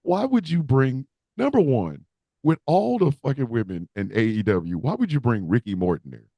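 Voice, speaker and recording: A man's voice: medium pitch, normal speed, dry recording. A man co-hosting a comedy podcast, telling crude stories with lots of laughter. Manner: animated, profane, laughing storyteller. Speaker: podcast co-host.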